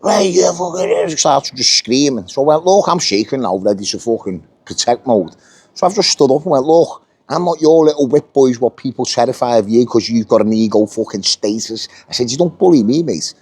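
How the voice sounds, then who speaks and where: A man's voice: medium pitch, fairly quick, a little mellow, husky, no room sound. A middle-aged British man telling a workplace story in casual, blunt speech, swearing a lot and acting out the lines of others. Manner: blunt, heavy swearing, acts out quoted dialogue. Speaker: union member telling his story.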